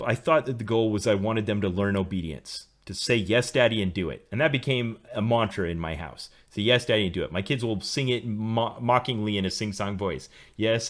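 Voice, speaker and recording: A middle-aged man co-hosting a podcast, explaining at length in a casual lecturing way. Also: on the low side. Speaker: podcast co-host.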